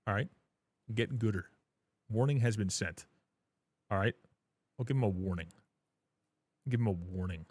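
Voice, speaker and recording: This male streamer jokes profanely with his chat while gaming, wandering off topic with plenty of fillers and restarts. He speaks at a normal speed but pauses often, in a lowish, darkish voice, recorded dry.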